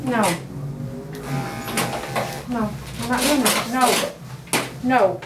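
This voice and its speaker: A woman's voice: fairly high pitch, extremely slow. A woman dog groomer who coaxes and scolds a dog while she trims it, then explains her steps. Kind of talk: grooming tutorial, talking to the dog. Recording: roomy sound, mic at a distance, clipper noise. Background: electric clippers buzzing.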